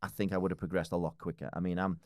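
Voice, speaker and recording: Guesting on a casual podcast, a British-accented man in his forties speaks bluntly, cursing freely and laughing a lot. His deep voice races along with little pitch movement, captured in clean studio sound without echo.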